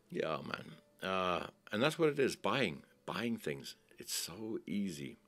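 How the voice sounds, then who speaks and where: A man talks casually to his co-host, his pitch swinging up and down as he rants. He swears loosely and keeps it conversational. Faint music plays behind him. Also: a little slow, hardly any pauses. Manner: animated, ranting, swears casually.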